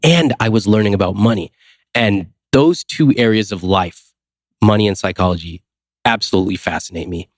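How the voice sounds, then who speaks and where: Guy from the us, lowish voice, chatty podcast guest acting out little dialogues, dry close mic. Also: normal speed, dry recording. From United States. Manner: lively, acts out quoted dialogue, rhetorical questions. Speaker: podcast guest, finance author. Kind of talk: casual interview storytelling.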